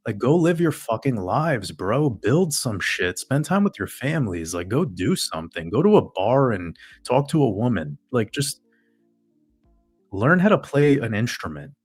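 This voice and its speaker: A man's voice: medium pitch, big pitch swings, measured pace, darkish tone, husky, dry recording, soft background music. A man host ranting in profane, sarcastic casual talk to a live chat audience. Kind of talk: casual rant to a livestream chat.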